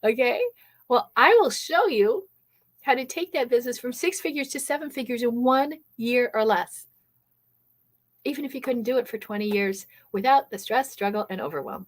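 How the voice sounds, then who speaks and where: A woman's voice: on the high side, normal speed. A woman hosting a live online business workshop as a coach. She talks with lots of energy, fills her speech with "um," and keeps checking in with "okay?". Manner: energetic, many fillers and "okay?" check-ins; reads and answers live chat comments.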